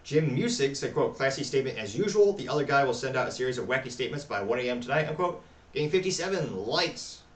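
A man hosting a talk show, reading social media replies aloud with wry, deadpan asides. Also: medium pitch, quick pace, reverberant, distant mic. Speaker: podcast host.

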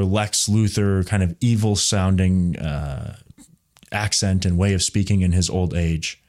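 Male podcast host, very low voice, rambling off-the-cuff commentary. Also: darkish tone. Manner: rambling, frequent restarts and filler. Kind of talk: solo political commentary.

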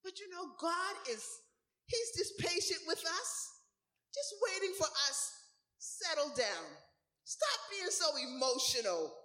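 A woman's voice: extremely high pitch, sing-song, slow, pushed and bright. A middle-aged woman preaching a sermon, acting out whiny prayers as she goes.

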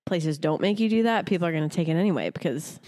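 A woman's voice: deep voice, expressive, quick pace, a little mellow. Blunt, sarcastic woman podcast co-host. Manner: blunt, sarcastic, laughs often. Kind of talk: casual chat.

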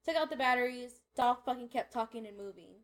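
Quick, profane woman, slightly high, friends' chat. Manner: blunt, swears freely, dramatic storyteller. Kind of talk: casual chat.

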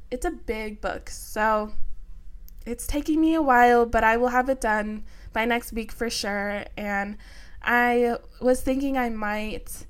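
Slow-talking smooth-voiced young woman. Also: a little high. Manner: chatty, many fillers, excited and emotional. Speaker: podcast host. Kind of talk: casual chat.

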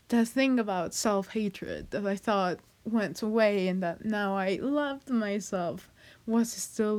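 A young woman vlogging confessionally in a hesitant, halting way, with fillers and nervous little laughs, emotional and close to tears. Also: mid-range voice. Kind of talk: confessional personal vlog.

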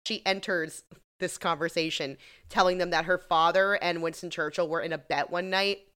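A woman's voice: fairly low pitch, steady tone, normal speed, fairly bright tone, smooth. A woman co-hosting a podcast, retelling a TV episode in chatty, sarcastic talk full of "like". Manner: chatty, sarcastic, many "like"s, laughs while retelling. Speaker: podcast co-host. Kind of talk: casual recap chat.

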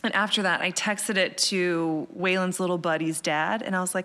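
Chatty animated woman in a reverberant room. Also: on the low side, normal speed. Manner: animated, laughs easily, says "like" often. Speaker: podcast guest. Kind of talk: casual interview chat.

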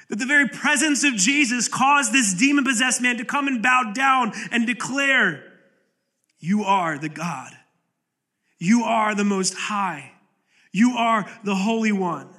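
A man preaching a sermon as pastor, passionate and dramatic, dropping to low, quiet lines for emphasis and acting out quoted pleas. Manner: impassioned preaching with sudden drops to low, quiet delivery; acts out quoted pleas with rising intensity. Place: church sanctuary.

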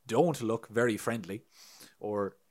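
A man's voice: lowish voice, measured pace. A man with an Irish accent, co-hosting a casual podcast and telling stories with lots of swearing, laughter and acted-out voices. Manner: animated storyteller, swearing, laughing, acting out voices. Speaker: podcast co-host.

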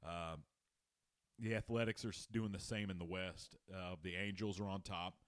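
A man with a fairly low voice hosts a loose, casual sports podcast. He rambles, swears freely and breaks into laughter. The sound is dry and close to the mic. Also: fairly even intonation, moderate pace, no room sound. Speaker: podcast host.

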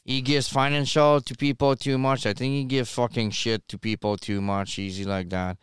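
A man's voice: medium pitch, little pitch movement, moderate pace, smooth, no echo, studio quality. A man reacting in casual podcast chat, emphatic and profane.

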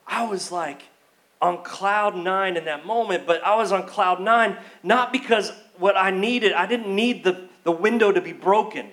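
A man with a high voice preaching a sermon. He tells his story with feeling, dropping almost to a hush and then rising into excitement. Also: a little slow. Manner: storytelling, swings from hushed to excited. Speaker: pastor. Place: church.

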